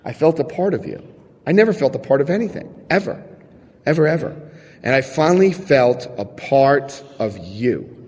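Husky-voiced man telling his story in a hall. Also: mid-range voice, normal speed. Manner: animated storytelling, acting out scenes and quoting others; chatty, checks in with the audience. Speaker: speaker sharing his recovery story. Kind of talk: personal testimony to a live audience.

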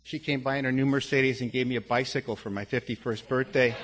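A man's voice: medium pitch, heavy background noise. A man in his fifties telling his recovery story to a support group, rambling with restarts and fillers. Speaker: recovery meeting speaker. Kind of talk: personal testimony to a recovery group.

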